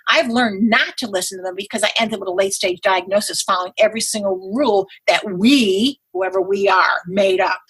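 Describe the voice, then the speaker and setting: A woman's voice: fairly quick, few pauses, breathy edge, poor audio. A woman guest in a casual interview, telling a story and acting out the dialogue with big jumps in her voice. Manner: animated, acts out quoted dialogue with big pitch jumps. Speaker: guest, patient advocate.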